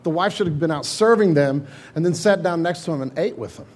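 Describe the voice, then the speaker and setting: A man's voice: a little high, brisk. A man preaching a sermon, retelling scripture in a loose, conversational way. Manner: casual storytelling preaching, animated retellings. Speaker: pastor.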